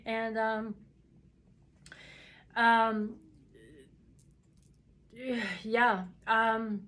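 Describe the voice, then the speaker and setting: A woman telling a personal story in a casual, halting way, with many fillers and restarts. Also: a little high.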